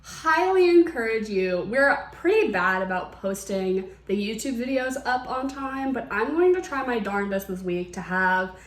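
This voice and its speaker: A woman's voice: fairly high pitch, lively intonation, a little slow, hardly any pauses. A young woman co-hosting a podcast in casual chat, bubbly and rambling with lots of fillers, recorded at home. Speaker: podcast co-host. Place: apartment room. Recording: roomy echo, distant mic, faint noise.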